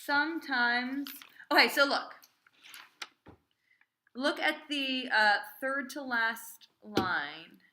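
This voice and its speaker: Brief: female cantor leading a class, unhurried delivery, bright tone, sings short examples. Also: high-pitched. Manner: chatty and encouraging, often asks "right?", sings trope phrases slowly. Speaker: cantor teaching Torah reading. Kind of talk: informal small-group class.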